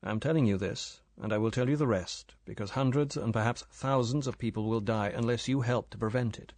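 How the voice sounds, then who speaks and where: A man's voice: medium pitch, fairly quick, darkish tone, no echo, lightly acted. A male narrator voicing a guarded secret agent who talks coldly and matter-of-factly. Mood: earnest. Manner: cold, matter-of-fact. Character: cool, guarded British secret agent, adult man.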